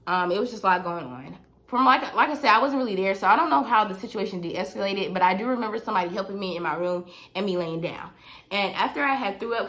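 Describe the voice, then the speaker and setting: Young woman, storytime vlogger, emphatic and repetitive, speaks directly to viewers at a mid pitch. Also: a bit bright. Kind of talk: storytime vlog.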